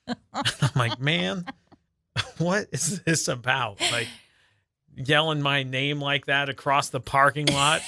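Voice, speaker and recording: A man co-hosting a morning radio show, teasing his co-host in casual banter and mimicking her yells. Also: medium pitch, no echo, clean studio sound. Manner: teasing, mimics others with loud exaggerated yells.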